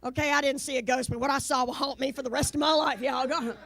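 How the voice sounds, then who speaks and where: A middle-aged woman from the American South with a Southern accent, performing a lively stand-up comedy set on stage and putting on voices for the people she quotes. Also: sits high, fast talker.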